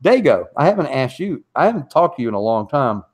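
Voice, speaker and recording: A man's voice: medium pitch, sing-song, fast. A middle-aged man hosting a live podcast, telling stories and ranting in a loose, profane, emphatic way. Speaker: podcast host. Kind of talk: casual livestream rant.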